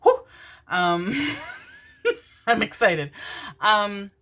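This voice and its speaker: A young adult woman who reads tarot, talking excitedly and a little out of breath, swearing casually and calling her viewers her darlings. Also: mid-range voice, extremely slow. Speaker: tarot reader. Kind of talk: casual chat and tarot intro.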